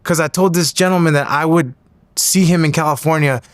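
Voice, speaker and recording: A man's voice: fairly quick, no echo. A man in his thirties telling a story as an interview guest, acting out the other people's voices as he goes. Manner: acts out quoted voices with rising pitch. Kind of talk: animated storytelling.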